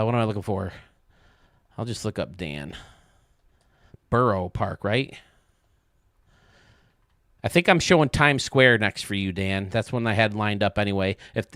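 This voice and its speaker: A man's voice: on the low side, moderate pace, a bit bright, no echo, studio quality. A male streamer chatting casually with his viewers while gaming, joking and swearing freely.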